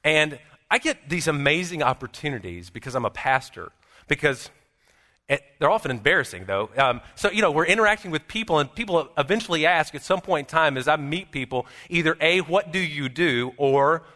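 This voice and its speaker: A male pastor delivers a chapel sermon with a bright, forceful edge to his fairly high voice. He tells stories earnestly. He swings between loud, animated stretches and near-hushed ones. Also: brisk, long reverb tail.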